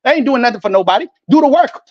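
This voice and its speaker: Angry high-voiced man ranting. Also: lively intonation, racing, dry recording, muffled recording. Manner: angry, profane, preachy, quotes scripture. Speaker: online street preacher. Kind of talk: ranting religious monologue.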